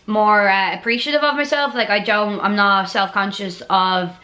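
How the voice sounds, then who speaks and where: Bright-voiced Dublin woman, blunt and sweary. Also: medium pitch, steady tone, normal speed. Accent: Dublin Irish. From Ireland. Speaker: vlogger answering viewer assumptions. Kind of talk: casual chat to camera.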